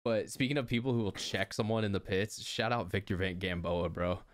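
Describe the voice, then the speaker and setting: A young man with a fairly low voice trades jokes on a podcast. He swears casually and laughs easily, keeping the talk light and conversational. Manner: joking, profane, quick to laugh. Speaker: podcast co-host. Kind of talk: casual chat.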